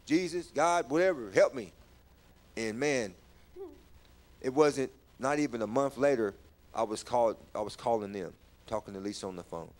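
A man telling his personal testimony in a church talk, halting and repeating words, his voice rising when he is stirred. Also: lowish voice, darkish tone. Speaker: guest sharing testimony.

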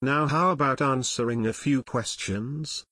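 A bold teenage boy detective speaks with cool nonchalance and presses with questions, as a male narrator puts him on. The storybook voice is mid-pitched and dry. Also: unhurried, pushed and bright, no echo.

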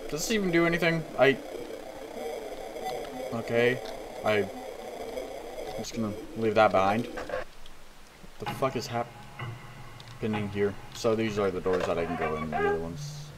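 A man's voice: fairly low pitch, lively intonation, measured pace, long pauses, background noise. A man hosting a let's play of a horror game, with jittery, profane, self-mocking commentary. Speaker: gaming video host.

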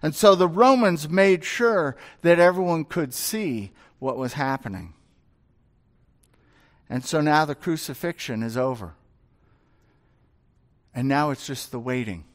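A man preaching an expository sermon as pastor, speaking deliberately and asking his congregation rhetorical questions. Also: a little high, animated.

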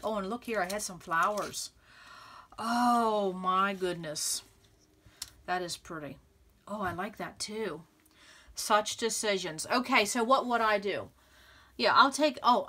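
A woman hosting a scrapbooking video, chatting excitedly and thinking aloud as she arranges papers, laughing often. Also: medium pitch. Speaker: scrapbooking channel host. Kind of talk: casual crafting tutorial chat.

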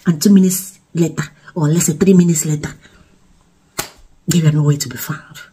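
A Nigerian woman vlogger retelling a story in an emotional, animated way, with restarts and pidgin phrases. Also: sits low, normal speed, a little hiss or hum, low-quality recording. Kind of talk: storytime vlog.

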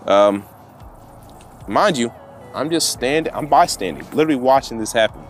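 A man telling a story to camera outdoors with his dogs, getting animated and worked up as he retells it. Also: mid-range voice, moderate pace, soft background music. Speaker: vlogger and dog trainer.

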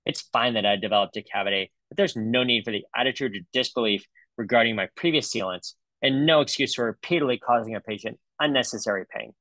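A man's voice: mid-range voice, fast, bright, forceful tone, dry recording, poor audio. A man reading out a review while playing an indignant, complaining woman dental patient, in a lightly melodramatic tone. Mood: aggrieved.

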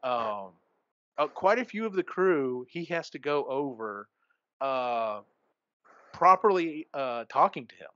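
A man's voice: mid-range voice, very animated, slow pace, bright, forceful tone, dry recording. A man hosting a podcast, casually retelling a book's plot in a rambling way full of fillers and restarts. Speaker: podcast host. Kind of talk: casual book discussion. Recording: dull lo-fi recording.

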